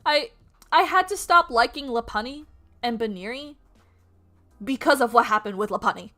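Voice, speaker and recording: A young adult woman streamer chatting casually while drawing, animated and profane, often laughing. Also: a little high, normal speed, soft background music. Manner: animated, swearing, laughing, quoting people in mock voices.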